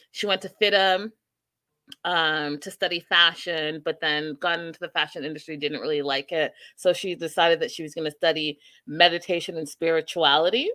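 A woman co-hosting a podcast, chatting casually and telling lively stories with asides to the live chat. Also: fairly low pitch, clean tone, no room sound. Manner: animated storytelling, quick asides to live chat. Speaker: podcast co-host.

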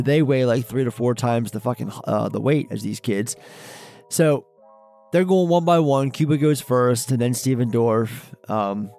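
Gravelly man casually recapping a movie. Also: mid-range voice, mellow. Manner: rambling, profane retelling with many restarts; acts out characters' lines in quick quoted bursts. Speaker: podcast co-host.

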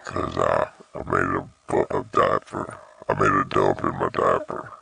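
A man voicing a naughty baby boy who soiled his diaper, his voice run through an electronic pitch-lowering modulator for a comedy podcast bit. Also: flat delivery, sharp tone, dry recording, heavily acted. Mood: silly bragging. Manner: slow, gravelly, babyish boasting.

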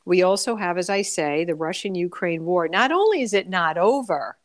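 A woman's voice: on the low side, expressive, moderate pace, dry recording, clean studio sound. A woman columnist speaking as a guest on a radio talk show, thoughtful and full of hesitations. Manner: hesitant, many fillers and restarts. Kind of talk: radio interview.

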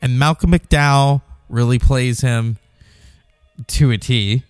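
Smooth-voiced male podcast host, dry sound. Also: mid-range voice, slow pace, no echo, soft background music. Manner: casual, repeats himself. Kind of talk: podcast commentary.

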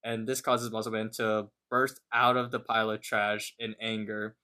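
A man's voice: on the low side, flat delivery, moderate pace, pushed and bright. A man co-hosting a podcast, casually retelling a cartoon episode scene by scene. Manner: retells scenes at length, reading lines out. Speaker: podcast co-host.

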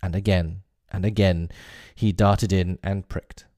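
A man reading a classic story aloud as narrator, in a measured and expressive storybook way. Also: low voice, no echo, clean studio sound.

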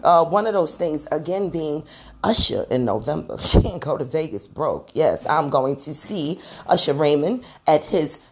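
Woman host, low voice with lively swings, chatty, slangy, opinionated solo podcaster. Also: unhurried, a little hiss or hum. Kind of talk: casual solo podcast chat.

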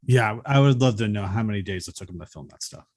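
A man co-hosting a casual movie podcast, calmly recounting plot points and favorite moments. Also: lowish voice, fast talker. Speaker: podcast co-host.

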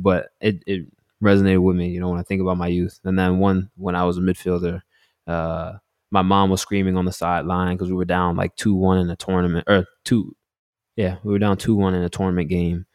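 A man from Delaware telling youth sports stories in a casual chat, acting out shouted quotes. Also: sits low, brisk, smooth, no room sound, clean studio sound. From Delaware, United States. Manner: animated storyteller, acts out loud quotes.

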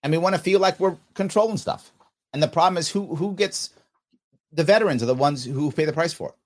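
A man with a brisk voice on the high side hosts a podcast, going through listener comments. He speaks emphatically and repeats his points to stress them.

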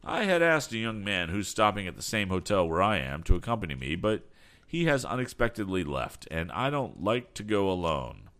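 A man's voice: deep voice, very animated, moderate pace, a bit bright, heavily acted. A man reading an audiobook, voicing a polite, persuasive male business agent. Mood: coaxing. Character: smooth persuasive middle-aged male agent.

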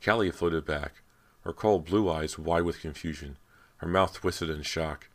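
A man's voice: very deep voice, unhurried. A man narrating a horror audiobook in a dramatic storytelling manner. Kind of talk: scripted narration.

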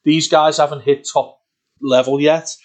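A man co-hosting a casual football podcast, talking in a rambling, excitable way with many restarts. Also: fairly high pitch, unhurried. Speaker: podcast co-host.

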